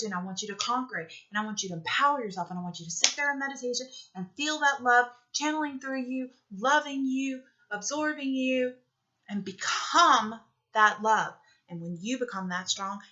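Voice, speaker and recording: A woman's voice: on the high side, pushed and bright, lo-fi sound. A woman giving a motivational talk with guided meditation, coaching earnestly and often checking in with "okay?". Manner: earnest, repetitive coaching, frequently asks "okay?". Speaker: motivational speaker.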